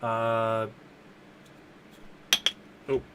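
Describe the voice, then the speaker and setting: A man's voice: lowish voice, completely flat delivery, extremely slow, slight background noise. A man hosting a casual live stream, answering viewer questions in a rambling way, full of fillers and self-corrections. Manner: softens his voice to talk to his dogs.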